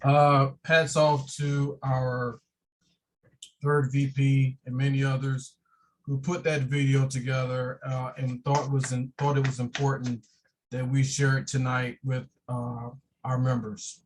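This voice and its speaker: A man's voice: medium pitch, slow pace, a little hiss or hum, rough recording. A man hosting a virtual membership meeting, speaking steadily with some fillers. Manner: even, steady delivery with fillers. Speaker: branch president hosting a meeting. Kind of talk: opening remarks at a virtual meeting.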